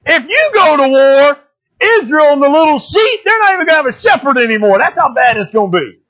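A man's voice: very high-pitched, fast talker, bright, forceful tone, dull audio, voice pushed up. A man voicing a bold, sarcastic male prophet who answers a king with defiant smirking retorts. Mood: mocking.

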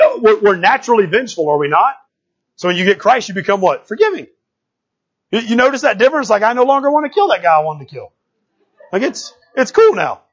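Male pastor with a high, husky voice, conversational preaching that swings from quiet asides to shouts. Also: muffled recording. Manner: animated, conversational preaching with frequent "right?" asides; swings from low murmurs to shouted outbursts. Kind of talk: sermon.

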